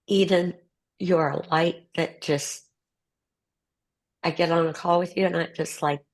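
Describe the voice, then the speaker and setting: Older woman guest author, deep gravelly voice, earnest and heartfelt on a video call. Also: low-quality recording. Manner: earnest, tender and faith-filled. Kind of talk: heartfelt conversational talk on a group call.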